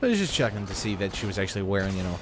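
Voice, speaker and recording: A man's voice: low-pitched, sing-song, rapid-fire, background noise. A man giving chatty, rambling commentary while he plays a video game, often talking to himself. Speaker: gamer. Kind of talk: let's play commentary.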